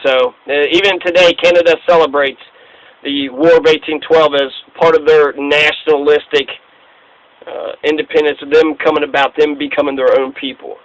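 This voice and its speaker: A man's voice: fairly high pitch, level tone, normal speed, dry recording, low-quality recording. A man hosting a casual history talk, speaking in a profane, emphatic rant. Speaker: host.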